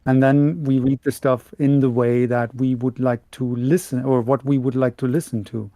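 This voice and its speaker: A man from Germany with a Bavarian German accent, chatting casually as a podcast co-host, halting and restarting often. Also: medium pitch, level tone, warm tone, dry recording, clean studio sound. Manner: halting, many restarts and repeated words. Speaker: podcast co-host and audiobook narrator. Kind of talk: casual chat.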